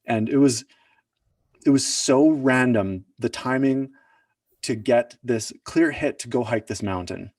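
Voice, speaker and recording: A man's voice: mid-range voice, unhurried, darkish tone, dry recording, studio quality, distant mic. A man, the founder of a project, telling a personal story in an earnest, reflective way, often searching for words. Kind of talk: personal storytelling at an online summit.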